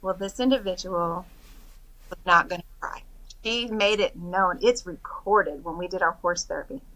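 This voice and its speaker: A middle-aged woman, a podcast guest, chatting casually and telling animated stories about her retreats. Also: lowish voice, moderate pace, low-quality recording. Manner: animated storytelling, quotes others in lively voices. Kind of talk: casual interview chat.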